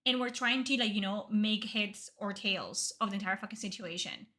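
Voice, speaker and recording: Young woman game streamer: sharp, bright tone, blunt and emphatic, swears freely. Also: medium pitch, normal speed. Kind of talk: livestream game reaction.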